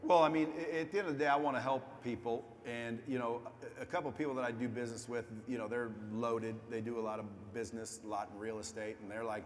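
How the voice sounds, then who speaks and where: A male guest entrepreneur with a mid-range voice and a steady tone talks fast with few pauses. He gives casual business advice in a blunt, profane way, addressing viewers directly. The room is echoey with a faint hum of background noise.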